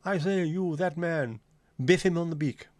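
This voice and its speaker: A man's voice: on the high side, normal speed, no room sound, pitched above the performer's own voice, close to an everyday voice. A man putting on the voice of a haughty, pompous upper-class Englishman with a plummy, affected way of talking.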